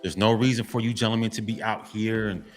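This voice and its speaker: This man's voice sits fairly low, with fairly even intonation and a fairly quick pace, and faint music runs underneath. A motivational vlogger for men, he lectures bluntly and repetitively, repeatedly saying "gentlemen" while partly censoring his swearing.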